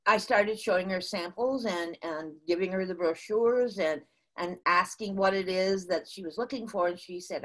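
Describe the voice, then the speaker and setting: An older woman from the USA, a guest in an interview, telling a business story in an animated way with frequent restarts. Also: on the low side, moderate pace.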